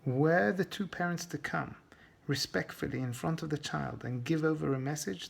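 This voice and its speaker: A man's voice: fairly high pitch, moderate pace, vocal fry, husky. A middle-aged male rabbi giving a short inspirational talk, telling a story and weaving in Hebrew terms.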